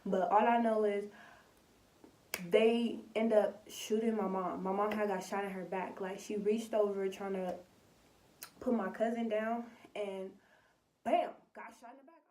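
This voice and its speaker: A young woman from Compton, telling a storytime vlog in animated, slangy, filler-heavy speech. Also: medium pitch, measured pace, slight background noise. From Compton, California. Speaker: vlogger. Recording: voice somewhat distant from the mic.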